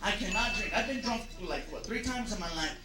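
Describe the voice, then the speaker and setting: A man's voice: high-pitched, expressive, brisk, echoey room. A man doing stand-up on stage before a live audience, telling stories and acting out voices and sound effects. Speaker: stand-up comedian. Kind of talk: stand-up storytelling. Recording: live show with audience noise.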